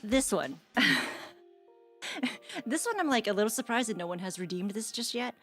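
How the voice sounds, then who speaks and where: A woman's voice: medium pitch, animated, moderate pace, faint music behind. A young woman streamer chatting casually, goofy and giggly, laughing at herself. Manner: giggly, goofy, self-mocking. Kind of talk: casual chat.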